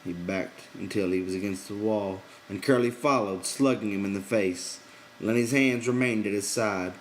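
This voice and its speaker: A man narrating an audiobook in a low, measured voice. He keeps a steady storytelling pace between characters' lines, with a faint hiss of background noise behind him. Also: low-quality recording. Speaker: reader.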